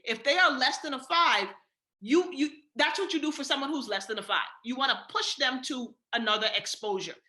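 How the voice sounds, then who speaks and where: A woman from the Bahamas with a Bahamian accent, leading a sales training call in an energetic, casual coaching manner and acting out sales dialogue. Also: high voice. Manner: casual slang, many fillers. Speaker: sales team leader and trainer.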